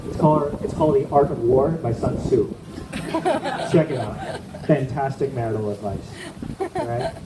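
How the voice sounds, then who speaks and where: A man's voice: mid-range voice, big pitch swings, moderate pace, long pauses. A man doing a stand-up comedy set at an event, chatty and checking in with the crowd. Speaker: amateur stand-up comic. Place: event room with a live audience. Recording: echoey room with background noise.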